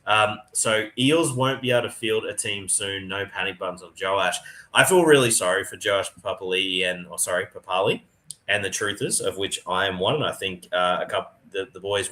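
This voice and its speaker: A low-voiced man hosts a relaxed podcast chat. His delivery is forceful and bright. He breaks down the analysis in a matey, easygoing way. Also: fairly quick. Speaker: podcast host. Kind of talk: casual sports podcast chat.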